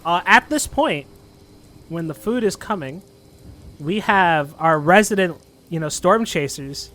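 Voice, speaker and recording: A man's voice: high voice, animated, a little slow, pushed and bright. A man narrating a tabletop game as game master, rambling with lots of fillers.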